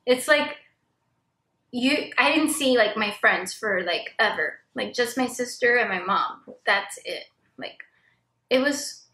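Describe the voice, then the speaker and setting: A young woman with a slightly high voice chats candidly about her life as a mom. She talks in a loose, confessional way and fills her sentences with "like." Her voice carries some echo from the room at home. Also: sharp tone. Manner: candid, chatty, heavy use of "like" as filler. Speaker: vlogger, stay-at-home mom. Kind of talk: casual confessional chat to camera. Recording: roomy echo.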